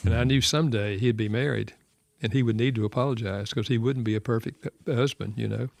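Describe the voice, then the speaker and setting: Older Southern man, radio host, gravelly, earnest storyteller, dry studio mic. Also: medium pitch, fairly even intonation, fast talker, no echo. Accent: American Southern. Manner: earnest, reflective, softening to quiet. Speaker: radio show host and author.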